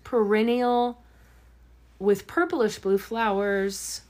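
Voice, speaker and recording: A woman's voice: mid-range voice, steady tone, slow, a little mellow. A woman from Louisiana co-hosting a podcast, telling a rambling, profane story with frequent laughs. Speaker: podcast co-host. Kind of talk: casual chat.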